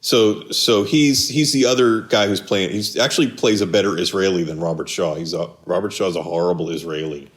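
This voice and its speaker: A man with a very low voice talks films on a podcast in a loose, rambling way. He restarts his sentences and trails off while he hunts for a name he can't recall. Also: fairly quick, few pauses. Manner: rambling, searches for names, restarts often. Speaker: podcast co-host. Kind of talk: casual film chat.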